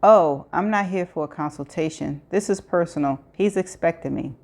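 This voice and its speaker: A woman's voice: fairly low pitch, normal speed, a little mellow. A woman voicing an anxious pregnant young woman who calls out in breathless, pleading tones. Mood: polite.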